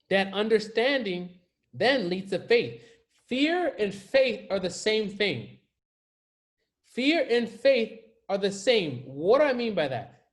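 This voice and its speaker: A man coaching viewers in a casual motivational talk to camera, emphatic and slangy, often repeating his key phrases for effect. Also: high-pitched. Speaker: life coach.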